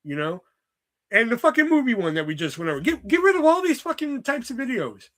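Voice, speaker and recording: A man's voice: extremely high pitch, big pitch swings, fairly quick, a bit bright. A man streaming live, rambling in a casual, exasperated rant full of swearing. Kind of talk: casual profane livestream rant.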